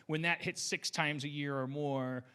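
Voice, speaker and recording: A man's voice: on the high side, fairly even intonation, moderate pace, bright, forceful tone, clear, resonant tone. A man in his forties hosting a podcast, rambling and stammering through a heated, profane rant. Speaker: podcast host.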